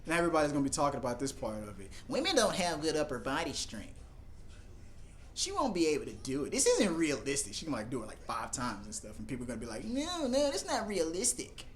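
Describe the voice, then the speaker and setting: Excitable young man with a lively voice. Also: quick pace. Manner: excitable, rambling, jumps into high put-on voices for jokes. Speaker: reaction video host. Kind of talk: live TV episode reaction commentary.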